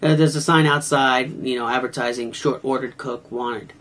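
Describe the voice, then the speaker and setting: Husky-voiced man mocking a film. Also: mid-range voice, fairly even intonation, normal speed, fairly bright tone. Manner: wry, mocking critique. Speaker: movie reviewer. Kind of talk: casual video review.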